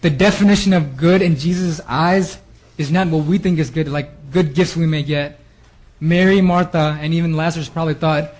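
A man's voice: fairly high pitch, steady tone, moderate pace, darkish tone, rough recording. A man giving a sermon, reading Bible verses and then explaining them in a casual, earnest way with fillers. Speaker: preacher. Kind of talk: sermon reading scripture with commentary.

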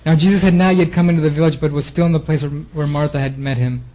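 A man's voice: on the high side, fairly even intonation, fast, dark tone, poor audio. A man giving a sermon, reading Bible verses and then explaining them in a casual, earnest way with fillers. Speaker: preacher. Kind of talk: sermon reading scripture with commentary.

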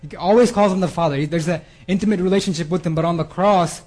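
A man's voice: high-pitched, fast, darkish tone, poor audio. A man preaching a sermon in an earnest way, often repeating words and restarting his phrases. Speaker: preacher giving a theme talk.

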